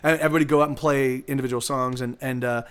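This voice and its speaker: A man's voice: mid-range voice, fairly even intonation, very fast, fairly bright tone, clean tone. A man streaming live music, talking casually about writing a song, rambling with many restarts and swearing. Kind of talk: singing original songs, then casual chat.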